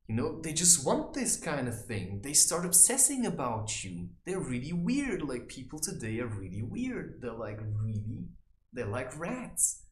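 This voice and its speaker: A man giving advice in a rambling casual monologue, saying "you know" constantly and mocking people in high teasing voices. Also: sing-song, a little slow, reverberant. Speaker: vlogger giving life advice.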